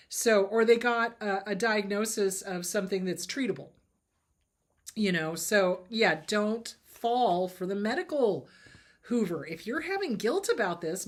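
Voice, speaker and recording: A woman hosting a casual advice talk as a therapist, answering viewer questions in a blunt, emphatic way and repeating her advice firmly. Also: medium pitch. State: slightly choked up, clearing throat.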